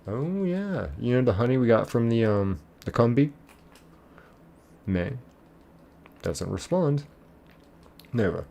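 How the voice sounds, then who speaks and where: A man's voice: on the low side, vocal fry, mellow, slight background noise. A man streaming a game, casually reading chat messages aloud, laid-back and chuckling.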